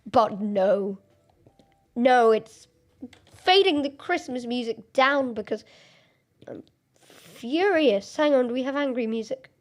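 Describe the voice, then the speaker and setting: A woman's voice: on the high side, animated, slow pace, long pauses. An Australian woman streaming a Minecraft game at home, chatting casually, giggling often and thinking aloud. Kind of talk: casual live-stream commentary. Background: faint background music.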